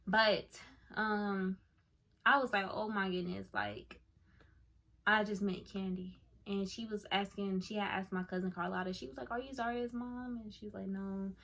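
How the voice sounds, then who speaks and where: A woman's voice: medium pitch, measured pace, creaky. A young woman gushing as she tells a casual story to her viewers, full of "like" and "oh my goodness". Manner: excitable, gushing, lots of fillers like "like" and "oh my goodness". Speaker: YouTuber telling a story. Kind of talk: casual story time to camera.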